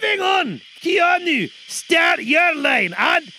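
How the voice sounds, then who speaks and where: A furious director. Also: male voice, very high voice, big pitch swings, takes it slowly, pushed and bright, shouting, slight background noise, full character voice. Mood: exasperated shouting. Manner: exasperated, barks orders. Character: hot-tempered Scottish male director, bossy and shouting. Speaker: director of a pirate audio drama. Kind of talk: comedic sketch acting.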